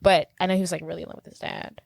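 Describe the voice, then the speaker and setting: A woman's voice: lowish voice, little pitch movement, very fast, gravelly, dry recording. A young woman co-hosting a movie podcast in casual chat, rambling and thinking aloud. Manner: rambling, thinks aloud, lots of "like" and "I don't know". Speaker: podcast co-host.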